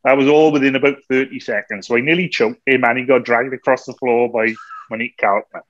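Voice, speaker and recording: A man co-hosting a podcast, telling a story in a lively way, often laughing and acting out what people said. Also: mid-range voice, quick pace, no room sound. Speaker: podcast co-host. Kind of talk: anecdotal storytelling. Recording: slightly dull, dry recording.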